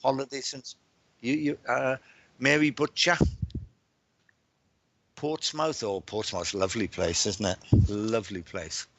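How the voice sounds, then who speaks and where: A man's voice: mid-range voice, fairly even intonation, measured pace, pauses often, a bit bright. Chatty Welsh-born man hosting a livestream. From Wales. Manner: chatty, repeats words and restarts often. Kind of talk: casual livestream chat greeting viewers.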